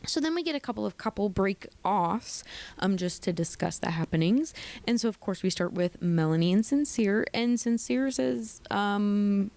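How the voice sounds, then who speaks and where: A young woman hosting a casual reality TV recap, sassy and opinionated, with animated asides. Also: mid-range voice, moderate pace, gravelly. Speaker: recap host.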